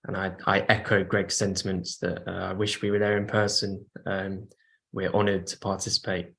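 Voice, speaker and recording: Courteous low-voiced man joining remotely. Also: flat delivery, normal speed, vocal fry, fairly bright tone. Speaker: dispute resolution lawyer. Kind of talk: remote conference introduction. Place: remote call.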